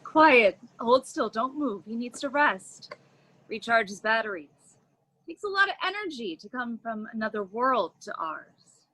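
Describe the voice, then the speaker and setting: A woman playing a gentle old grandfather who talks soothingly to his grandchild, in an audio theater play. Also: a little high, big pitch swings, measured pace, slightly rough, no echo, exaggerated voice, rough recording. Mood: hushed. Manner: soothing, hushed storyteller tone.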